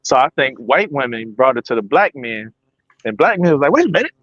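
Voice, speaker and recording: A man's voice: mid-range voice, animated, normal speed, a bit bright. A man joining a casual podcast chat, laid-back and joking. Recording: slightly dull lo-fi sound.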